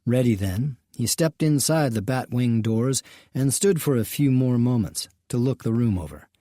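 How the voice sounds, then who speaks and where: In a dry, studio-quality recording, a mid-range male voice reads a scripted western novel for an audiobook. His delivery is steady, even, and moderately paced.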